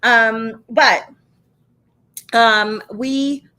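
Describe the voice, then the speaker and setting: A woman's voice: fairly high pitch, fairly even intonation, drawn-out words, pushed and bright, clear, resonant tone. A woman hosting a casual live stream from her home kitchen. She talks in a chatty, upbeat way, with many fillers and restarts. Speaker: co-founder and live show host.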